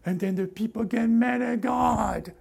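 A man preaching a sermon with fervent, repetitive call-and-response urging, swinging between loud exhortation and hushed asides. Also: high voice, unhurried, vocal fry, breathy edge.

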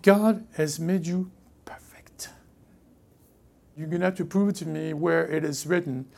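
A man with a French accent preaching a sermon as pastor, emphatic, repeating key phrases and dropping into hushed asides. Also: on the high side, moderate pace, gravelly.

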